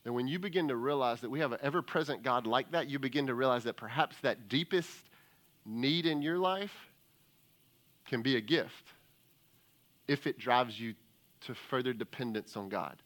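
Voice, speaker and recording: A man's voice: medium pitch, normal speed, a bit bright. A man preaching a sermon as lead pastor, building emphasis through repeated rhetorical questions and joking with the congregation. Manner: jokes with the congregation. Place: church service before a congregation.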